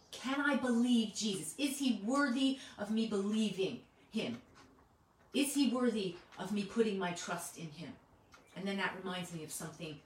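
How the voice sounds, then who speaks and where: A woman's voice: lowish voice, slight background noise. Earnest woman preaching in an echoey room. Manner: earnest, conversational, asks rhetorical questions. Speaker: Bible teacher. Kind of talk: sermon. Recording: echoey room, mic at a distance.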